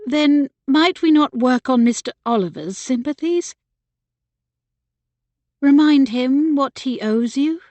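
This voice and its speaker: A woman reader doing a caring, worried young sister. She speaks in a soft, coaxing tone. The voice is pitched a little high, in a dry, close recording. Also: slow, pauses often, no room sound, muffled recording. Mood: concerned. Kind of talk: audiobook character voice.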